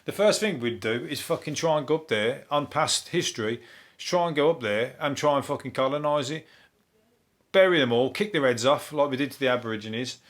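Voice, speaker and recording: A man, a comedian hosting a topical comedy podcast, ranting in a rambling, sweary, deadpan way. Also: mid-range voice, a little fast. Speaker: comedian host.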